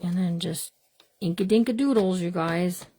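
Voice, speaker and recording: A woman's voice: fairly low pitch, normal speed, warm tone. A middle-aged woman hosting a live crafting demonstration from her home craft room, chatting with viewers as she works. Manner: chatty, talks to viewers as "you guys"; bubbly, playful made-up words. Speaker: craft livestream host.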